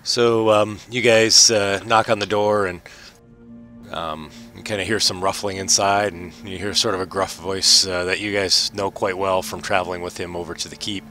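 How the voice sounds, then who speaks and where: A man narrating a tabletop game as game master in a relaxed way, with many fillers. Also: low-pitched, normal speed, soft background music.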